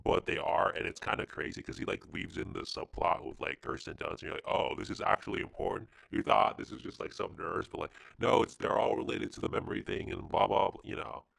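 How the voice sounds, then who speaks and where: A man co-hosting a podcast in casual chat, animated and slangy, acting out his own reactions. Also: fairly quick, few pauses, no echo. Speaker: podcast co-host.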